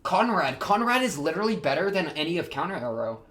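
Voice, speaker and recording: A young man hosting an anime reaction, talking casually in a rambling, slangy way with excitable outbursts. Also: a little high, fast.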